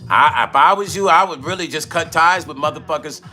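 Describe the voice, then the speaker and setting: An older man with a New York accent chats loosely with his livestream viewers, full of slang and shout-outs. His voice sits high and sounds bright and forceful. Soft music plays faintly in the background. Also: a little fast. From Brooklyn, New York. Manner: slangy, repetitive, shout-outs to chat, laughs often. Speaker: music vlogger hosting a livestream. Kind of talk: casual livestream chat with viewers.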